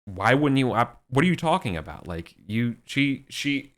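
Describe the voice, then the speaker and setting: A man's voice: mid-range voice, very animated, moderate pace, a bit bright, pitched above the performer's own voice. A man playing a drunk, temperamental king who talks in exasperated slang. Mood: angry.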